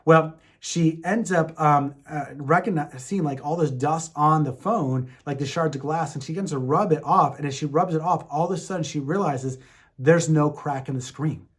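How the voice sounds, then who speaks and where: Animated man telling faith stories. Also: on the high side, normal speed, slightly rough. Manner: animated storyteller, acts out quotes, many fillers. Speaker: podcast host. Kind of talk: faith testimony storytelling.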